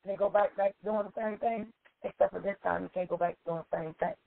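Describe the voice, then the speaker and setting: Gravelly woman preaching self-love, tinny sound. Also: mid-range voice, fairly even intonation, quick pace, no room sound. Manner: emphatic, preachy, repeats points for effect. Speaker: life coach. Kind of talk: motivational self-help monologue. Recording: tinny phone-like dry sound.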